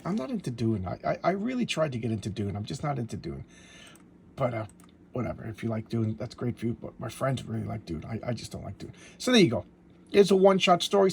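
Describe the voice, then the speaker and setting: A man casually reviewing a comic book in a home vlog, rambling and excitable, with many restarts and fillers. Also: a little high, slightly rough.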